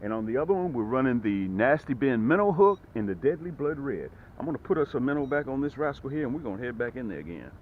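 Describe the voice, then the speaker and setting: A man hosting a casual fishing vlog from a boat. He talks in a folksy way and whoops with excitement when fish bite. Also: medium pitch, fast talker, few pauses. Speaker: fishing channel host. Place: outdoors on a boat. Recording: phone-like lo-fi audio with faint noise.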